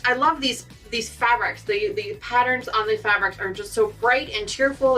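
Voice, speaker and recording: A woman's voice: fairly high pitch, sharp tone, far from the mic. A woman hosting a live quilting stream, chatty and upbeat, greeting viewers by name. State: has the hiccups. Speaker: quilting channel host.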